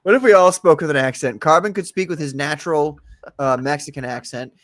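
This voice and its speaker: A man with a fairly high voice riffs through a comedic talk show, cursing freely and swinging between shouting bursts and muttered side remarks. The sound is dry and close, with no room around it. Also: a little fast, no echo. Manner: joking, swings from loud outbursts to mumbling asides; profane. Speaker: podcast co-host. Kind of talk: casual comedic chat.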